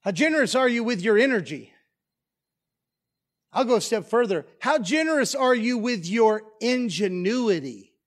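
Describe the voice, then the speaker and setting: A man's voice: very high voice, animated, normal speed. A man preaching a sermon as pastor, pressing the congregation with emphatic rhetorical questions in a church. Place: church sanctuary.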